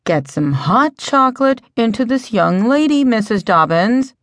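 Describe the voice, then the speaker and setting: Woman playing a stern female supervisor, slow measured scolding, dry close sound. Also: a little high, lively intonation, no echo.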